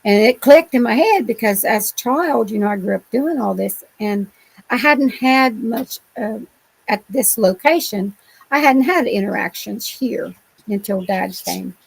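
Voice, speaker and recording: Gravelly-voiced woman telling her story. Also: fairly high pitch, animated, a little slow, low-quality recording. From Ohio. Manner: rambling, colloquial, many restarts. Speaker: interview guest. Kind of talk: telling personal encounter stories.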